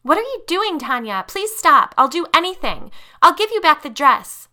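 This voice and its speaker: A woman voicing a frightened teenage girl in a told ghost story, pleading in a high, loud, desperate voice. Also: expressive, a little slow, full character voice. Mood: panicked.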